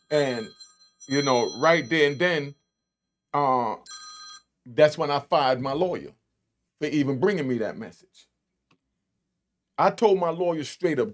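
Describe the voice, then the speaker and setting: A man giving casual reaction commentary on played clips, with a blunt, emphatic streetwise way of talking and drawn-out stresses. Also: medium pitch, expressive, background noise.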